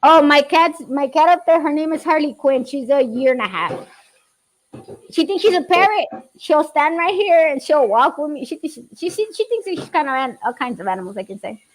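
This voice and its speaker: A woman chatting casually about her kids, animated and laughing often, swearing freely as she tells stories. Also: high voice, normal speed. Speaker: parent guest in a chat. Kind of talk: casual chat.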